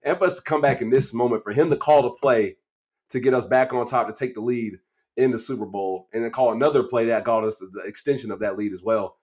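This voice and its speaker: A man from Kansas City co-hosting a sports podcast, talking in an animated, emotional way with long run-on stretches. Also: medium pitch, a little fast. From Kansas City, USA. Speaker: co-host, draft analyst. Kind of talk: casual sports podcast chat.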